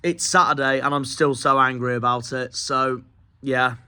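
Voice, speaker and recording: A man's voice: medium pitch, flat delivery, moderate pace, sharp tone, smooth. A man with a Cornish accent, a football fan vlogger, giving a furious, sweary post-match rant. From Cornwall. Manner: furious, sweary, repetitive ranting.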